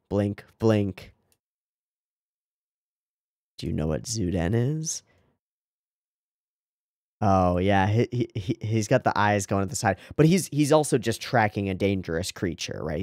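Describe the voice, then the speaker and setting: Low-voiced man in casual commentary. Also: darkish tone, dry recording, clean studio sound. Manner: enthusiastic, rambling, heavy use of "like" and "right?". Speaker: anime reaction host. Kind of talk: casual commentary on an anime episode.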